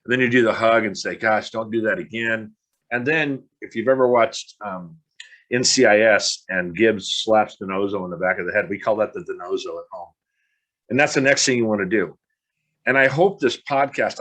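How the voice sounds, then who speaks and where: Blunt, frustrated man with a low voice. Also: fairly bright tone. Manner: blunt, frustrated, swears casually. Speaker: podcast host. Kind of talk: motivational podcast monologue.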